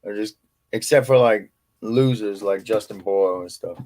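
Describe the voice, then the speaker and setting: A man's voice: on the low side, moderate pace, darkish tone. A man, hosting a loose, joking chat full of swearing and half-finished thoughts. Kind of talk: casual chat.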